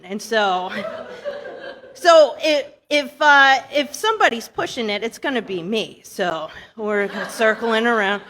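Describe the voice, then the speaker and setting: Bright-voiced woman telling a story on stage. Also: a little high, unhurried. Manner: animated, acting out dialogue with hushed and excited voices. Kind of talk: live storytelling at an open mic.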